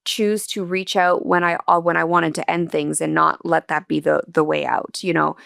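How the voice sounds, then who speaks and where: A woman's voice: low voice, level tone, normal speed, creaky, fairly bright tone, dry recording, clean studio sound. A woman guest on an interview podcast, earnestly and candidly telling a personal story in a reflective, emotional way.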